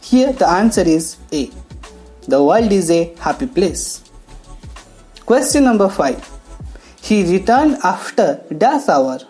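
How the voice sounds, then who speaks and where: Low, mellow-voiced woman teaching a lesson. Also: sing-song. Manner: slow, explanatory teacher talk with pauses. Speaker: English teacher. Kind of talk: classroom lesson narration. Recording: faint background music.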